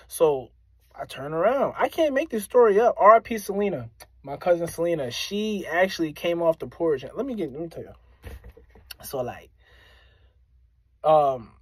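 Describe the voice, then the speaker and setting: Casting: male rapper from Springfield, animated story to camera, a bit high, no room sound. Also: dry recording. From Springfield, Massachusetts, US. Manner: animated, addresses listeners directly, repeats phrases for emphasis. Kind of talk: casual storytelling to viewers.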